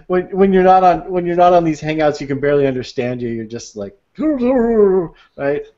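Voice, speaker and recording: A man's voice: on the high side, fairly even intonation, normal speed, darkish tone. A man co-hosting a casual online hangout, chatty and playful, with frequent restarts. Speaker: video hangout co-host. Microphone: video call. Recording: dull lo-fi video call audio.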